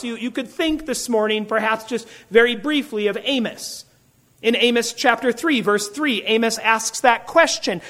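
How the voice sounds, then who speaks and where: A preacher giving an expository sermon, asking slow rhetorical questions and leaning hard on key words, often repeating and restarting phrases. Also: high voice, a bit bright. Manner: frequent word repeats and restarts.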